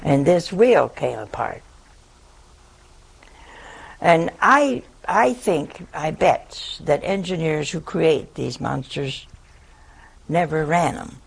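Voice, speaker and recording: A woman's voice: deep voice, lively intonation, takes it slowly, gravelly, pauses often, breathy edge. An older woman, a nun, telling a humorous story to listeners in a chatty, self-mocking way. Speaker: nun giving a talk.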